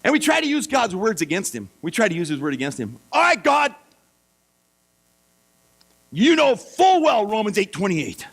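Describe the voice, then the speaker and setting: A middle-aged male pastor telling a self-mocking story in a sermon, animated and playful. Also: high-pitched, moderate pace, vocal fry, pauses often, breathy edge. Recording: mains hum.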